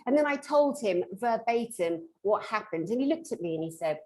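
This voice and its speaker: Animated woman telling a story. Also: fairly high pitch, fairly quick, low-quality recording. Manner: lively, expressive, swings between loud and hushed. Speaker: conference panelist.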